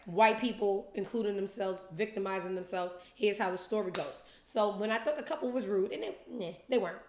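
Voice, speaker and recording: Animated woman telling a profane story. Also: mid-range voice, brisk, hardly any pauses. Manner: animated, profane, acts out quotes in different voices. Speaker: podcast host. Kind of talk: casual storytelling monologue. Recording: roomy echo.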